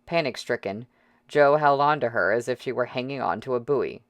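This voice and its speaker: A man's voice: medium pitch, normal speed, no echo. Man narrating an audiobook, dry and close. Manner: steady, dramatic storytelling.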